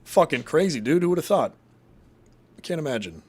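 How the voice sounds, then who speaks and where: A man's voice: on the high side, sing-song, fairly quick, slightly rough. A man from Massachusetts hosting a casual live show, reading chat and rambling in a crude, profane, jokey way.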